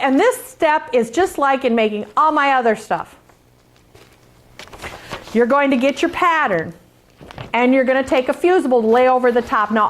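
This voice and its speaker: A woman with a high, bright-sounding voice walks viewers through making her quilt pattern in a chatty, hands-on demonstration. She is sassy and joking throughout and playfully boasts about her own designs.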